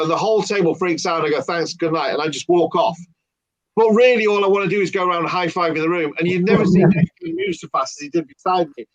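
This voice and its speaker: Animated man telling a story. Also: high-pitched, no echo, highs cut off. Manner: animated, acts out dialogue. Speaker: guest magician. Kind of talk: casual storytelling.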